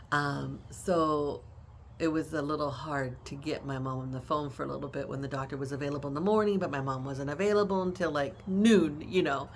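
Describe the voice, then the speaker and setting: A woman's voice: low voice, slight background noise. A middle-aged woman who cares for her mother tells her story in a casual vlog, with emphatic, conversational retelling. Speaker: family caregiver.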